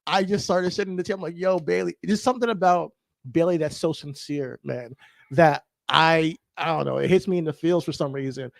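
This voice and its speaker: A man co-hosting a podcast in casual chat, animated and laughing, getting emotional as he talks. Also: on the high side, a little fast, vocal fry, dry recording. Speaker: podcast co-host.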